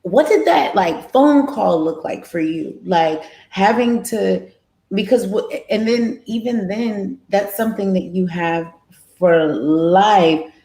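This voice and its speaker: A woman hosting a live interview, asking questions in a halting way and restarting as she searches for her words. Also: medium pitch, mellow. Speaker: interview host. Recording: echoey room.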